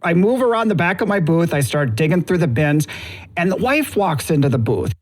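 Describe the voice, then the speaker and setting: Easygoing man with a higher voice. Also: sing-song, a little fast. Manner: chuckling storyteller, easygoing. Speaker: podcast co-host. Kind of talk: casual chat.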